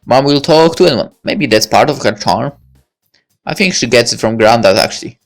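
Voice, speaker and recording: A woman's voice: very deep voice, lively intonation, normal speed, soft background music. A woman voicing a musing teen girl. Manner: musing, self-questioning inner monologue. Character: young woman, thoughtful high school senior. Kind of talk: reading a visual novel aloud.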